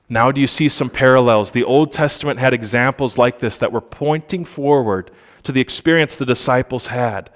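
Brief: a male pastor giving a chatty church sermon, mid-pitched voice, reads scripture slowly. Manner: conversational, asks the congregation for responses; reads scripture aloud with slow emphasis.

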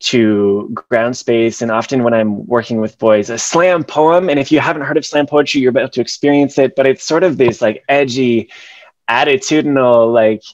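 A man's voice: mid-range voice, fairly even intonation, normal speed, darkish tone, no echo. A young man presenting over a video call, his voice full of passion and spoken-word rhythm. The audio is dry and close, with a dull, lo-fi edge that comes from the call. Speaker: educator giving a presentation. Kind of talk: presentation with performed slam poetry.

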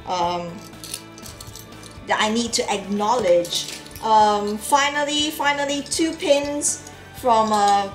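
A young woman vlogger gushing and rambling about her art haul, full of fillers and restarts. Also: fairly high pitch. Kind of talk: casual chat. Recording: echoey room with faint music.

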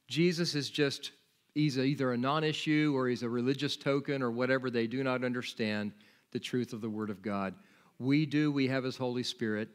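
Male pastor, mid pitch, sermon delivery, earnest exhortation. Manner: animated storytelling with acted-out dialogue. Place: church sanctuary.

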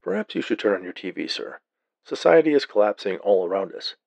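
A man voicing a calm male police officer with a flat, matter-of-fact manner. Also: lowish voice, brisk, creaky, no room sound, highs cut off, full character voice. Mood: deadpan.

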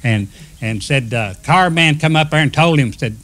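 A man's voice: fairly high pitch, animated, normal speed, a bit bright. A man, casually telling old railroad stories and acting out what people said. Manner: folksy yarn-spinner, acts out quoted speech. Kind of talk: casual storytelling.

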